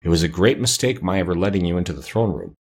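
A man voicing the Wizard of Oz, a little old humbug, slow and solemn when hidden and meek and trembling when found out. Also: low voice, animated, darkish tone, husky, heavily acted.

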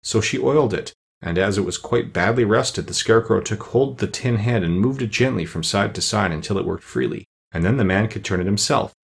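A man narrating a children's storybook in a steady, even reading voice. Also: lowish voice, fairly quick, vocal fry, hardly any pauses. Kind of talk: audiobook narration.

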